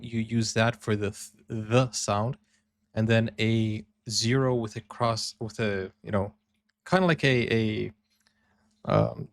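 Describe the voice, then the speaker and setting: A man's voice: medium pitch, no room sound. A man hosting a reaction video, chatting and explaining how sounds and accents differ. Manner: chatty, explains language points to viewers. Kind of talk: casual reaction commentary.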